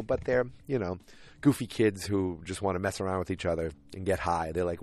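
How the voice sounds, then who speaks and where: Rambling low-voiced man recapping an episode. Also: fairly even intonation, moderate pace, darkish tone. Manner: rambling, many fillers and restarts.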